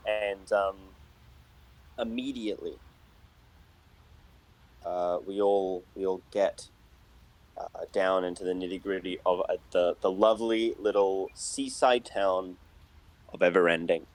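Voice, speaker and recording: A man narrating a tabletop game as dungeon master, hesitant and halting with many restarts. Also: lowish voice, rough recording.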